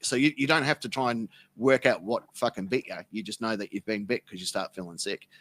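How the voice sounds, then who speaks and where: A man with an Australian accent, a podcast guest who swears freely while telling deadpan tall tales in casual chat. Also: on the low side, brisk, no room sound. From South Melbourne, Australia. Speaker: interview guest.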